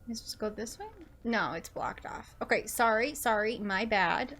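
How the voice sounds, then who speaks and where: A woman streams a game, chatting and joking in a giggly, casual way. Her voice sits a little high. A faint hiss lies under the microphone. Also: moderate pace, a bit bright. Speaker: gaming streamer. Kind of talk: casual let's-play commentary.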